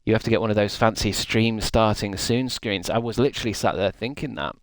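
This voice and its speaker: Chatty streamer, low voice. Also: male voice, brisk, smooth, dry recording. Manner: rambling, chatty, reads and answers chat. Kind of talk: casual live-stream chat.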